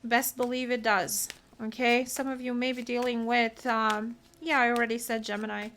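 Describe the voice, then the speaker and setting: Lady doing a tarot reading, kinda high voice, heartfelt and earnest. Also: flat delivery, moderate pace, a bit bright, slight background noise. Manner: earnest, emotional, talks through card meanings. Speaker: tarot reader. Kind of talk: solo tarot reading to camera.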